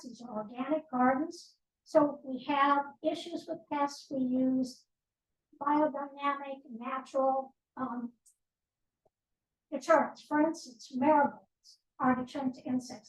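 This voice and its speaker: High-voiced woman in an echoey room. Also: steady tone, a little slow, far from the mic. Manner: plain explanatory, with asides. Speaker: guest speaker, nonprofit board president. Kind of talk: presentation at a team meeting. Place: office meeting room. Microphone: distant room microphone.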